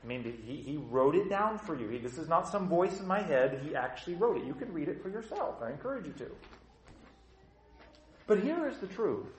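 Man, pastor, sermon, blunt, rhetorical questions, lively pitch, reverberant sanctuary. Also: a little fast. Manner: animated, acts out the voices of troubled churchgoers; blunt, conversational, asks the room rhetorical questions. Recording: roomy church reverb.

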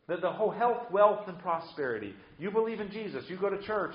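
Male pastor preaching, kinda high voice, lots of repeated words, echoey lo-fi church sound. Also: very animated, quick pace, hardly any pauses, slight background noise. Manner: emphatic, repeats words on restarts. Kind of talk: sermon.

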